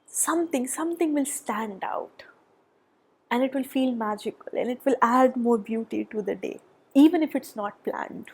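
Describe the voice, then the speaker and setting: A woman giving a tarot reading, gushing and excitable, often dropping to a soft whisper, a little out of breath. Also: fairly high pitch, moderate pace, slightly rough. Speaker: tarot reader. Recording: background noise.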